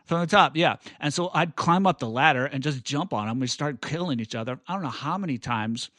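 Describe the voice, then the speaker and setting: A man's voice: a little high, a little fast, sharp tone, dry recording, clean studio sound. A man in his forties co-hosting a podcast, rambling through memories with lots of "you know" and "uh". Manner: rambling, many fillers and restarts. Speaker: podcast co-host. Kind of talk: casual chat.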